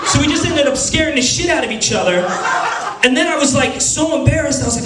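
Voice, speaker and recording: A man doing stand-up storytelling in a comedy club, profane, animated and mocking himself. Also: extremely high pitch, quick pace, heavy background noise. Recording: echoey club, distant mic, loud crowd.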